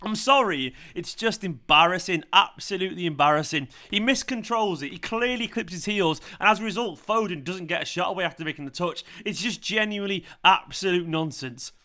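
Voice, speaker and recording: Furious high-voiced fan ranting. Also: male voice, a little fast, few pauses, pushed and bright. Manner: furious, swearing, repeats himself. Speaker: football fan channel host. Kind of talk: live watchalong rant.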